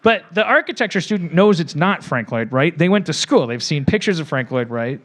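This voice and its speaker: A man telling a long improvised joke on a comedy podcast, halting, breaking off and laughing as he goes. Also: a little high, very animated, fairly bright tone, a little hiss or hum. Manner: halting, self-interrupting, laughing.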